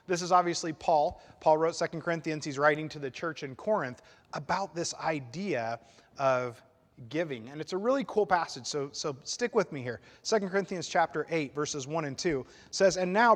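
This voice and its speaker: A man preaching a sermon to his church, emphatic and animated, swelling loud at his peaks and dropping quiet after. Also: fairly high pitch, long reverb tail. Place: church sanctuary.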